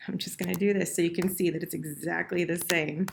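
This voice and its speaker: A woman's voice: fairly low pitch, steady tone, brisk, vocal fry, a little hiss or hum. A woman teaching French verb conjugation in a screen-recorded lesson, patient and correcting herself as she types. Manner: patient, self-correcting, talks while typing.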